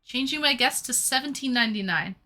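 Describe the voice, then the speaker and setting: A woman's voice: high-pitched, expressive, brisk, sharp tone, soft background music. A Canadian woman hosting a casual live stream, chatting with viewers, reading out their comments and thanking them.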